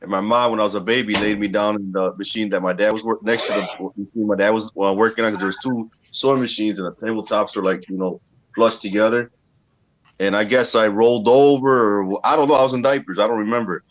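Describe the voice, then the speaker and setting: A man's voice: lowish voice, fast talker, a little hiss or hum. A man from the Chicago area telling a story in casual chat, swearing freely and acting out the scenes. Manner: animated, profane, acts out the story loudly. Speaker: co-host.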